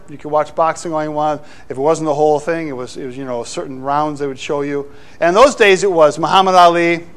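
Male pastor, middle-aged, high-pitched voice, preaching with animated, playful asides. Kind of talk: sermon.

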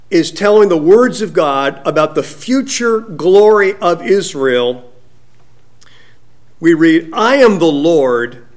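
A man preaches a sermon to his congregation from a church sanctuary. His voice sits a little high for a man, and he takes his time, drawing words out slowly. He leans into the scripture he reads with emphatic rises. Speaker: pastor.

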